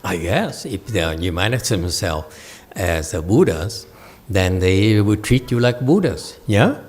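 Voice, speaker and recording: A man giving a Buddhist Dharma lecture, halting with fillers, often checking that listeners follow and teasing them now and then. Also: low voice, expressive, a little mellow, a little hiss or hum. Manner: slow, halting with many fillers, asks listeners to confirm; playful teasing asides to the audience. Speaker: Buddhist teacher. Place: meditation center hall.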